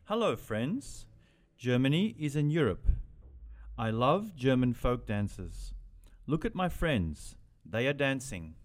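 A man voicing friendly boys from France, Japan and Germany, speaking clearly in a scripted language-lesson dialogue. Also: medium pitch, big pitch swings, slow pace.

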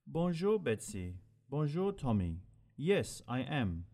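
A man voicing friendly boys from France, Japan and Germany, speaking clearly in a scripted language-lesson dialogue. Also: medium pitch, very animated, slow pace, dark tone, full character voice.

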